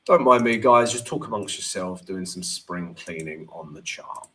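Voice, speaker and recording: A man's voice: deep voice, expressive, moderate pace, bright, forceful tone. A man hosting a live trading stream, talking casually and with energy, and often checking in with "right?".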